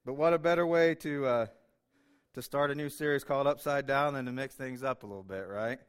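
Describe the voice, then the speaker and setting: A man's voice: medium pitch, fairly quick, clear, resonant tone. A man preaching in church, chatty and openly emotional, with frequent "uh" fillers, joking about himself. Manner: emotional, chatty, self-deprecating, many fillers. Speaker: guest preacher. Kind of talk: sermon. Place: church sanctuary.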